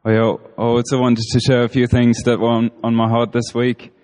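A man's voice: mid-range voice, monotone, a little fast, darkish tone. A man giving a short, hesitant talk at a church service, with fillers and restarts. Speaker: church speaker.

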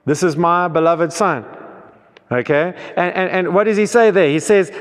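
A man's voice: high voice, moderate pace, long reverb tail. A man preaching a sermon, reading scripture aloud and often repeating and restarting his words.

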